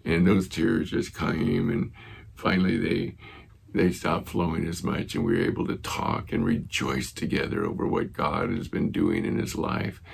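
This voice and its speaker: A man's voice: sits low, a little slow, vocal fry, a little hiss or hum. A man preaching a sermon as a pastor, telling a story earnestly and retelling conversations.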